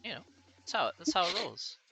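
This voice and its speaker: A man's voice: high voice, big pitch swings, a little fast, creaky, sharp tone, a little hiss or hum. A man from the United States tutoring math on a live stream, chatty and encouraging, laughing often. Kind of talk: casual livestream tutoring chat.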